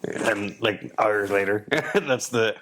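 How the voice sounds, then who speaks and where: A man's voice: fairly low pitch, slow pace. An Irish man co-hosting a podcast, chatting casually and laughing often. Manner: laughs often, animated and giggly. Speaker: podcast co-host. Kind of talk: casual chat.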